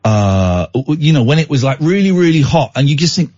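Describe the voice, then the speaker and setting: Worn out yet lively, a talk radio host tells a rambling, self-deprecating story full of restarts, his delivery swooping at a fairly quick clip. The husky voice sits a little high, and the dry studio recording sounds dull and muffled.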